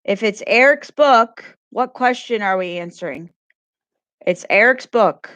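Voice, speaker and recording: A woman's voice: mid-range voice, unhurried, fairly bright tone, no echo. A woman teacher giving a grammar lesson to children, patiently repeating questions and praising answers.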